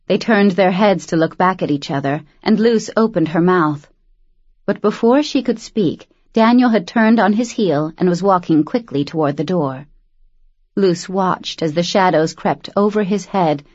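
A woman reads a novel aloud in a lowish, even voice, brisk and quietly tense. The recording is dry and slightly dull, with no room sound. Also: no room sound. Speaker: audiobook narrator. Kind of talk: scripted narration.

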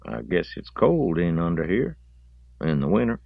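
Man narrator plays a tipsy, unhurried Southern farmer with a wry, dry drawl, recorded dry and slightly muffled. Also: sits low, wildly swooping pitch, creaky, no echo, pitched above the performer's own voice, heavily acted. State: slightly drunk. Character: slow, contemplative, slightly drunk rural man.

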